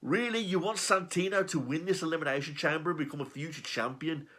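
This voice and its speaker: A man's voice: fairly high pitch, quick pace, fairly bright tone. A man giving a sarcastic, profane, exasperated rant reviewing a wrestling show. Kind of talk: ranting review.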